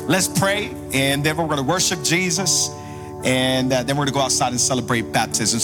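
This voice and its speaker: A man preaching to his congregation as a pastor, energetic and playful, calling out to the crowd. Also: medium pitch, moderate pace. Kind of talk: sermon. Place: church sanctuary. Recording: long hall reverb with faint music.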